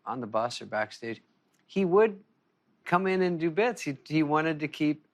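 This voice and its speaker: A man's voice: fairly high pitch, expressive, unhurried. A man talking in a casual, upbeat way and swearing freely. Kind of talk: casual conversation.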